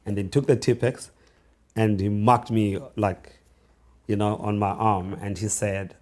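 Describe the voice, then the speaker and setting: A low-pitched South African man in his forties, speaking as a guest author in a relaxed interview. He tells his memories slowly and reflectively, often restarting a phrase and dropping to a hushed, quiet tone. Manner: reflective, halting restarts, slowing into hushed storytelling. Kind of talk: conversational interview storytelling.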